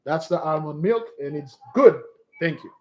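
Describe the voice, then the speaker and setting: A man's voice: a little high, lively intonation, moderate pace, slight background noise. Exhorting man preaching casually to followers. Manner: exhorting, calls listeners beloved. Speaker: spiritual fasting leader.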